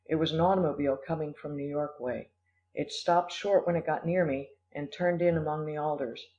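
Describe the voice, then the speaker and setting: An excitable little terrier with a Scottish accent, as a male reader puts him on, pressing his story in a hurried, urgent way. The voice sits a little high, and the lo-fi recording dulls it. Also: close to an everyday voice. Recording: dull lo-fi recording.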